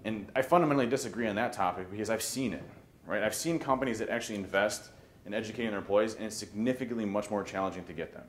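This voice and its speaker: A man giving a conference talk on social engineering, animated and joking, often restarting his sentences. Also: on the low side, rapid-fire, slight background noise. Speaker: conference speaker. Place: conference hall. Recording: roomy hall with faint ambience.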